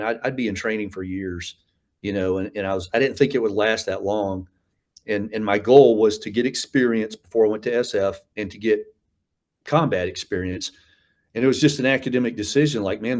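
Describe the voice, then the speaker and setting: A man in his fifties speaks as an interview guest, his voice sitting a little low. He tells stories loosely, restarting sentences and sprinkling in "man" and "you know.". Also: darkish tone. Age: 50s. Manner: rambling, frequent fillers and restarts, says "man" often. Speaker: interview guest, combat veteran. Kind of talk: casual storytelling interview.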